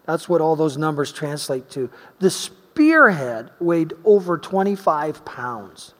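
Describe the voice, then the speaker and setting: Male preacher, high-pitched, lively storyteller who shifts from loud to hushed; large echoing hall. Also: slow pace. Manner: animated storyteller, swinging between loud emphasis and quiet asides. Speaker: pastor. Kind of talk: sermon with personal storytelling. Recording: long reverb of a large hall.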